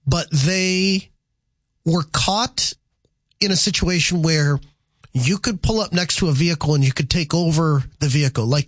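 A man's voice: fairly high pitch, dry recording. A man hosting a call-in radio talk show, chatty and rambling, with many fillers and restarts.

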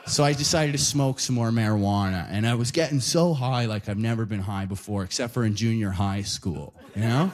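A young adult man doing a stand-up comedy set to a live audience, animated, tagging his lines with "right?" and "you know?". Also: mid-range voice, brisk.

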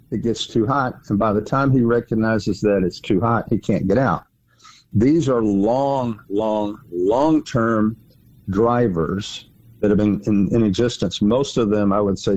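Emphatic low-voiced man, lo-fi sound. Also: a little mellow. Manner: emphatic, repeats words for stress. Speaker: financial radio show host. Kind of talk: casual explanatory talk.

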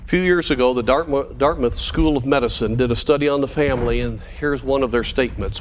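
Earnest preaching man, measured delivery. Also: mid-range voice, a little hiss or hum. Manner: earnest, measured preaching with slowed emphatic phrases. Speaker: pastor. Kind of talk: sermon.

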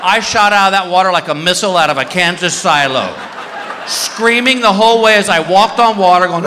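A man doing stand-up storytelling on stage, loud and animated, acting out voices with yelps and shouts. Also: high-pitched, fairly quick, noisy background. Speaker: stand-up comedian. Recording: live show in a hall with reverb.

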